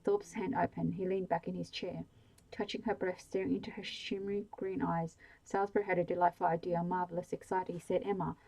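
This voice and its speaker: A woman reads a novel aloud in a soft, hushed bedtime ASMR manner. Her voice sits low and dark, with a gravelly, husky grain and very little rise and fall. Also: level tone, low-quality recording. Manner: slow, hushed reading of a novel. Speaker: storyteller.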